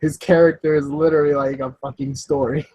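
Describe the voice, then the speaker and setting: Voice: medium pitch, level tone, a little fast, a crowd in the background, low-quality recording. A podcast host steering a casual group chat on a call, brash and joking, moving the discussion from one topic to the next.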